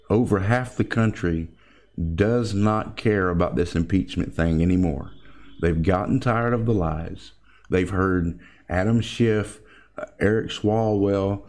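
Male commentator, lowish voice, unhurried, emphatic, talks straight to "folks". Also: a little mellow. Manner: emphatic, addresses listeners as folks. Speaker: political commentator. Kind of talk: opinionated commentary monologue.

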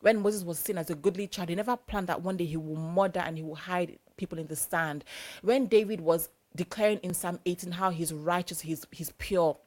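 A woman's voice: on the low side, a little fast, darkish tone. A young adult woman preacher giving a sermon in a conversational, emphatic, repetitive way.

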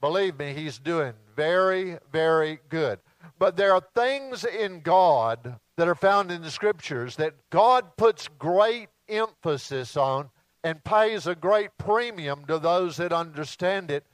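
A visiting preacher delivers a sermon at an unhurried, drawn-out pace. His voice sits a little high for a man, and he leans on dramatic pauses to stress his points. The recording is dry, with little room sound. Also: expressive, dry recording.

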